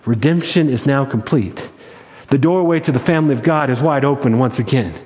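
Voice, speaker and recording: A man's voice: mid-range voice, fairly quick, in a large hall. A man preaching a sermon in an emphatic storytelling manner. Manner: storytelling, emphatic, rises to excitement.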